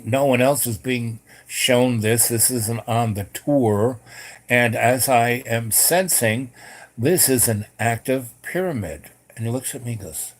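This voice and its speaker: A middle-aged man telling a long personal story in a rambling, casual way, with many fillers and restarts. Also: medium pitch. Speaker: host.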